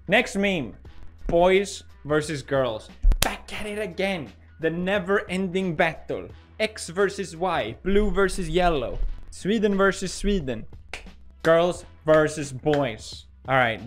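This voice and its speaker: A man's voice: a little high, lively intonation, measured pace, faint music behind. A young man hosting comedic meme commentary, goofy and ironic, laughing often. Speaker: host.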